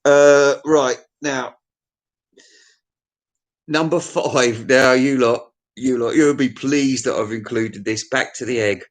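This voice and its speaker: A man's voice: mid-range voice, fairly even intonation, slow. A man giving a rambling, blunt, sweary music review, often stammering and restarting. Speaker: album reviewer. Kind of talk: rambling casual review monologue.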